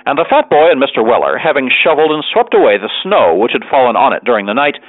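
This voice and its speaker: A man reads a classic story aloud with a very lively, animated voice. The recording is narrow and phone-like, and bone-dry with no room sound. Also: mid-range voice, quick pace, dry recording. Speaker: narrator. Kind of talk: audiobook reading of a classic novel.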